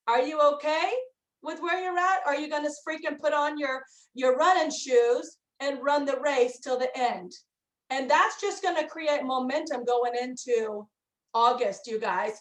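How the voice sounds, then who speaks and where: A woman leads her team with an emphatic motivational pep talk, pressing her listeners hard. Her voice sits high, and the room around her rings with echo. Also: fairly bright tone. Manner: emphatic, urging. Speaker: team leader. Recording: roomy echo.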